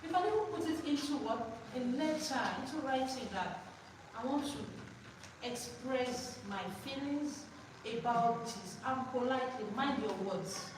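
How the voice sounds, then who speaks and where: A woman's voice: sits high, measured pace. A woman running a teacher training workshop, drilling the room call-and-response style and prompting listeners to finish her sentences. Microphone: far from the microphone. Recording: echoey hall, distant mic, noisy.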